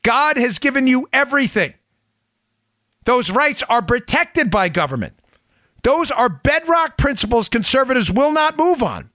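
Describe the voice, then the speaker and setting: A man delivers political commentary with big swings of pitch, leaning hard on his points. His voice sits high and lively. The sound is dry and close, with no room around it. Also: a little slow, no echo. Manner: animated, emphatic, laughs often. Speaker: podcast host.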